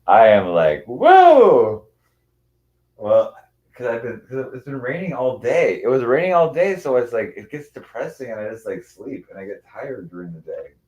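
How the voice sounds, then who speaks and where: A man's voice: medium pitch, animated, normal speed, darkish tone, highs cut off. A man chatting casually on a livestream, rambling with many restarts and cooing to his cats.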